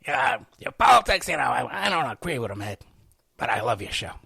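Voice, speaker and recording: A man's voice: mid-range voice, sing-song, fairly quick, vocal fry, sharp tone, slightly rough, dry recording, heavily acted. A man putting on a mocking, exaggerated voice of a whiny male listener who dislikes his politics.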